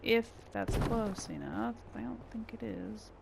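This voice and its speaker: A woman's voice: medium pitch, unhurried, creaky, background noise. A woman giving casual gameplay commentary, muttering and thinking aloud to herself as she builds. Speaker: gameplay channel host.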